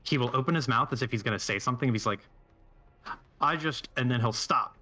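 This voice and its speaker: A man's voice: medium pitch, rapid-fire, pushed and bright. A man playing a tabletop game, describing his character's actions in a loose, rambling way. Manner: rambling, with many fillers and restarts. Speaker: player.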